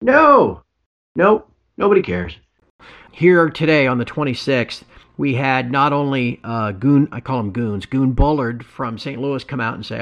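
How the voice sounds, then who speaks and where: A man's voice: mid-range voice, animated, unhurried, gravelly, fairly bright tone. A middle-aged man hosting a casual podcast chat on precious metals, wry and self-deprecating with gloomy humor. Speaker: precious metals site host. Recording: dull lo-fi audio.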